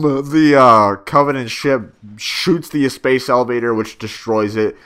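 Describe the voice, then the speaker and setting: A man's voice: mid-range voice, moderate pace, few pauses, a bit bright, clean tone. A young man giving a casual spoken video review, rambling with many fillers and restarts and swearing freely.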